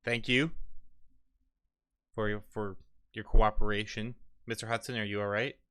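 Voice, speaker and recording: A man voicing a calm but threatening male security guard who gives firm, clipped warnings. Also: lowish voice, normal speed, smooth.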